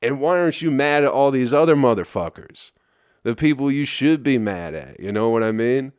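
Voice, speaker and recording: A man's voice: medium pitch, animated, normal speed, a little mellow, clear, resonant tone, no room sound. A hungover man from Flint, Michigan, hosting his own podcast, ranting in a profane, exasperated ramble. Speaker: comedian podcast host. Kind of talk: solo rambling podcast rant.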